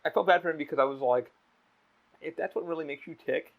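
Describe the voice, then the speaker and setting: A man hosting a casual podcast, telling stories in a blunt, animated way with a lot of swearing. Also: fairly high pitch, fast, vocal fry. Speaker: podcast host. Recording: slightly dull lo-fi audio.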